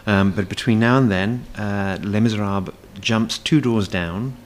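A man's voice: on the low side, moderate pace, slight background noise. A man, a stage performer, chatting as a guest in a casual cafe interview, rambling with many fillers and restarts.

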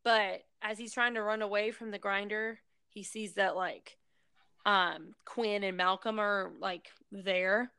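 A woman tells a film's plot in loose, casual chat, full of fillers and quick acted-out lines of dialogue. Her voice is bright and crisp with a gravelly rasp underneath. The room sounds dry and close. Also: mid-range voice, fairly even intonation, dry recording. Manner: rambling storytelling with many fillers. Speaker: person recapping a film.

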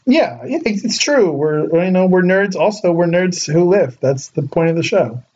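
Guy cohosting a podcast, kinda high voice, rambles a lot, muffled lo-fi audio. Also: expressive, moderate pace, a little mellow, husky. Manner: rambling, heavy use of filler words. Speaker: podcast co-host. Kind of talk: casual chat. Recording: muffled lo-fi recording.

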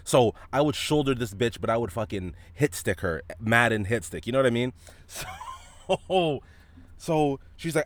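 A male podcast host telling a story as a profane, animated rant, coughing now and then from a dry throat. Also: mid-range voice, a little slow, no room sound. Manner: profane, animated, frequent restarts.

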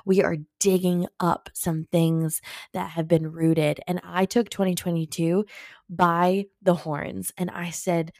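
A woman host, sharing an earnest personal faith reflection, animated and full of "like". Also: on the low side, slow, no echo, studio quality. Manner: earnest, animated, says "like" often. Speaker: podcast host.

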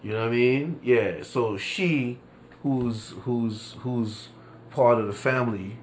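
A man's voice: medium pitch, takes it slowly, slight background noise. A man hosting his own podcast, ranting in casual commentary, full of street slang, swearing and frequent laughter. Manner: animated, laughs often, swears freely; New York street slang. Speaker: podcast host.

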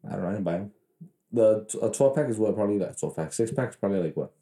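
Podcast co-host, male, low mellow voice, rambling profane storyteller, echoey room. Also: animated, racing. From Mexican heritage. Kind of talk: casual chat.

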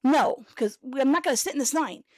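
A woman hosting a podcast, telling a story in a casual, animated way, acting out voices and laughing often. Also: high-pitched, a little fast, no echo. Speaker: podcast host.

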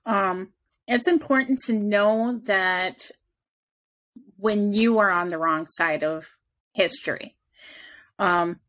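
A woman's voice: mid-range voice, takes it slowly, pauses often, fairly bright tone. Earnest woman telling personal stories. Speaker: guest. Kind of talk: casual conversation.

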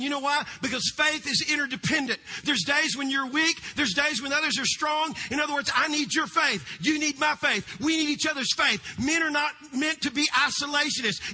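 A middle-aged man, a pastor, preaching a sermon in a large church, with fervent swings between loud cries and hushed storytelling. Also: very high voice.

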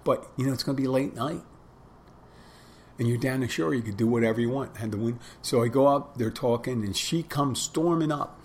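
A man's voice: medium pitch, a little fast, darkish tone, a little hiss or hum. A man in his twenties casually telling a rambling personal story, often correcting himself and quoting back and forth. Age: 20s. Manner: rambling, self-interrupting storytelling with quoted dialogue.

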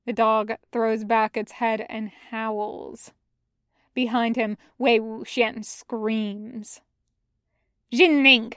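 A woman reading a fan fiction story aloud as a podfic, in a measured storytelling way. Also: on the high side, flat delivery, clear, resonant tone, no room sound, clean studio sound. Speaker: podfic reader. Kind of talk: audiobook narration of fan fiction.

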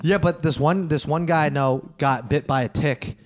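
A man's voice: fairly high pitch, moderate pace, faint music behind. A man co-hosting a casual podcast chat, joking bluntly and laughing often. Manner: joking, laughs a lot, blunt crude humor. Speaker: podcast co-host.

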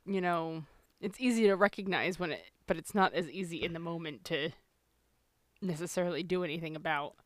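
Female co-host, lower register, candid and self-mocking, dry studio sound. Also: brisk, no room sound. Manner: frank, self-deprecating, laughs often. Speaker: podcast co-host. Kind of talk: casual parenting chat.

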